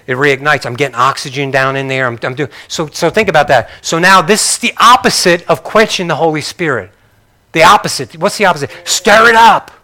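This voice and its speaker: An older man preaching a sermon in a conversational way, asking the congregation questions and swinging between loud bursts and soft, quiet passages. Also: a little high, brisk. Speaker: pastor.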